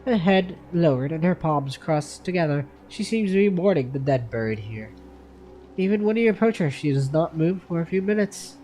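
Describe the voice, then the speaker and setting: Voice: mid-range voice, expressive, normal speed, mellow, a little hiss or hum. Streamer reading game story, stumbling often. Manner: reads narration aloud with frequent stumbles and self-corrections. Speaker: gaming content creator.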